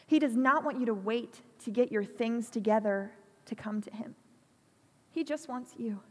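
A woman preaching a sermon in a church, earnest and pastoral, speaking slowly and deliberately. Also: fairly high pitch, a little mellow. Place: church hall. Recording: long hall reverb.

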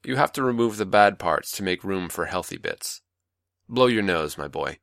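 A man playing a manipulative older male mentor, calm, patronizing and coaxing, in a dry close recording. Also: deep voice, moderate pace, creaky, dry recording, full character voice.

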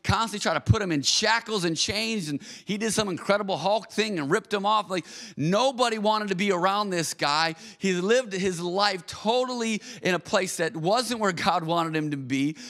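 A man delivers a casual sermon in a conversational tone, his voice sitting a little high. He often restarts and repeats his words. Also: moderate pace, a bit bright. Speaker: pastor.

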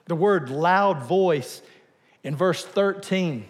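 A male pastor giving a conversational sermon in a church, asking the congregation questions and dropping to a quiet voice for emphasis. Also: high voice, expressive, slow pace, big-room sound.

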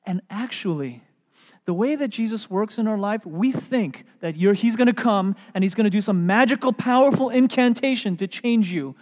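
A pastor preaching a sermon, animated and storytelling, then going soft and hushed. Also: medium pitch, normal speed, in a large hall. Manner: animated storytelling, drops to soft hushed tones for quoted words.

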